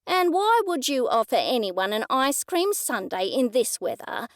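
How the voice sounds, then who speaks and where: A woman's voice: sits high, big pitch swings, normal speed, no room sound. A woman narrator voicing a stern middle-aged male police detective, probing and accusing in a dry manner.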